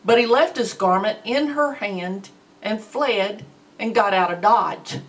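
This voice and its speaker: A woman's voice: mid-range voice, far from the mic, rough recording. A woman teaching a Bible lesson in a plainspoken, conversational way. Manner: slow, plainspoken, conversational with fillers.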